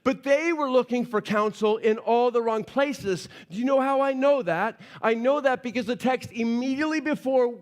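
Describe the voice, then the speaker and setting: A male pastor preaching a sermon in a conversational storytelling way, often dropping to a quiet, earnest tone for emphasis. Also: very high-pitched, normal speed, few pauses.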